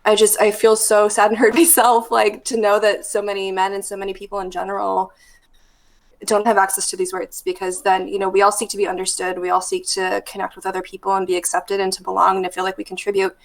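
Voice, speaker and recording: A woman therapist speaks with a gravelly, creaky voice at an ordinary middle pitch. She tells stories in a relaxed, reflective way and leans on fillers. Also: quick pace. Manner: thoughtful, storytelling with many fillers. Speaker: therapist guest. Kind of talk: casual podcast conversation.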